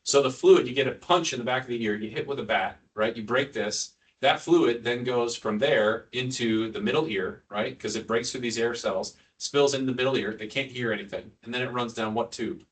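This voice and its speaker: A man's voice: mid-range voice, brisk, hardly any pauses, far from the mic. A man, a neurosurgeon, giving an informal teaching lecture to ICU staff, quizzing the room and joking as he goes. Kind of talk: casual teaching lecture with quiz questions.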